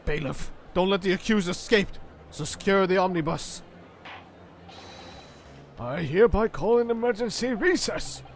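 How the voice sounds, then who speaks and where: A man putting on a booming stern judge. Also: expressive, measured pace, long pauses, slight background noise. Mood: commanding. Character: stern commanding male judge. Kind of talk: reading game dialogue aloud.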